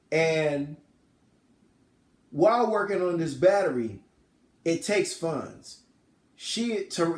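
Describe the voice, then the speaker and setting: A man's voice: on the high side, roomy sound. A man casually retelling a film's plot in a rambling, slangy way, often correcting himself. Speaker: film reviewer.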